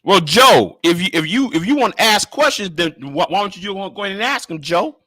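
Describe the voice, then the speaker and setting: A man's voice: sits high, lively intonation, brisk, a bit bright. A man hosting a casual livestream, angry, swearing constantly and stammering over repeated words. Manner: profane, stammering repetitions. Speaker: livestream host.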